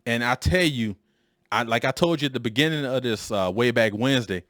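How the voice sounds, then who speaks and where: A man in his forties hosting a podcast, telling a personal story in an animated, emphatic way. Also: medium pitch, fairly quick, no echo, studio quality. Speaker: podcast host. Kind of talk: storytelling monologue.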